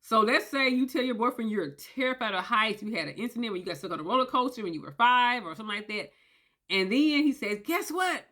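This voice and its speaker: A woman giving a casual explainer, emphatic and animated, often checking in with "okay?" and acting out quoted voices. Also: on the high side, fast. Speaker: commentator on narcissistic abuse. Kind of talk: casual talking-head explainer.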